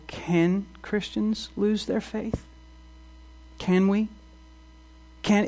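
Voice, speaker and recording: A man's voice: high voice, darkish tone. A man preaching a sermon as pastor, earnest, asking the congregation rhetorical questions and often restarting his words.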